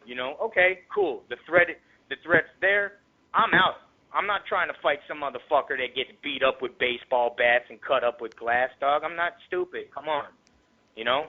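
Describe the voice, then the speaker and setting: A man's voice: on the high side, fairly quick. A man from the Tampa Bay area, a rapper telling a story in an interview, in heavily profane streetwise slang that gets heated. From Tampa Bay area, Florida. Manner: grows heated and louder. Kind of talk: casual storytelling. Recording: tinny phone-line recording.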